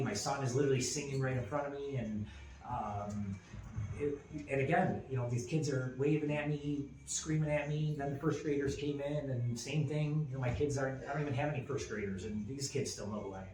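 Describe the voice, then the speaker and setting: A man's voice: mid-range voice, darkish tone. A man in his forties co-hosting a podcast, telling a story in casual chat with lots of fillers and restarts. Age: 40s. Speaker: podcast co-host. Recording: roomy echo with faint ambient noise.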